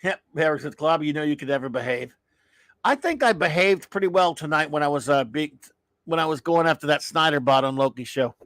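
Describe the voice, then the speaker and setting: A man's voice: fairly high pitch, a little fast, fairly bright tone, no echo. Exasperated rambling man, dry sound. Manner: exasperated, rambling, with sighs and restarts. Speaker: show host. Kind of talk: casual live-stream rant.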